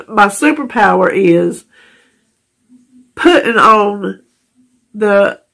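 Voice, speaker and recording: In a heartfelt, casual vlog, a middle-aged woman from North Carolina rambles tearfully, stumbling over words and laughing often. Her voice is medium in pitch with a slight brightness.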